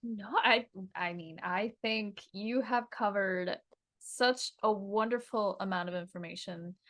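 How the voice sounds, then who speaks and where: A woman's voice: mid-range voice, measured pace, a bit bright. A woman hosting a casual interview, replying with enthusiasm. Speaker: podcast host.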